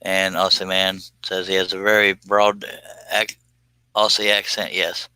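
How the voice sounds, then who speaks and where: A man's voice: low voice, level tone, measured pace, sharp tone, clean tone, no echo, low-quality recording. A man hosting a livestream, chatting casually with viewers as he works, folksy and joking. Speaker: livestream host answering chat. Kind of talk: casual livestream chat while working.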